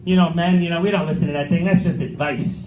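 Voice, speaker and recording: A man's voice: a little high, steady tone, fast talker, darkish tone, slight background noise. A middle-aged man doing a stand-up comedy set, telling crude, sarcastic stories on stage in a comedy club. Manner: crude, sarcastic storytelling with acted quotes. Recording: roomy club with crowd laughter.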